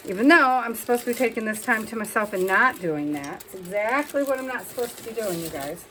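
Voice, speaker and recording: A woman's voice: on the high side, expressive, fairly quick, a bit bright, a little hiss or hum, low-quality recording. Chatty woman crafting and talking to herself. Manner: chatty, self-talking while working, scolds herself. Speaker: craft vlogger. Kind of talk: casual crafting chat.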